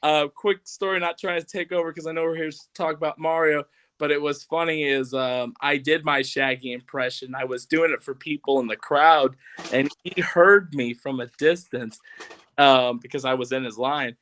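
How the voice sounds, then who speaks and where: Bright-voiced man chatting on a podcast. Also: on the high side, steady tone, moderate pace. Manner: rambling, filler-heavy, does cartoon voice impressions. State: voice slightly off, unwell. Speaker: podcast co-host. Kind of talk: casual chat. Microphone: video call setup, sitting back from the camera.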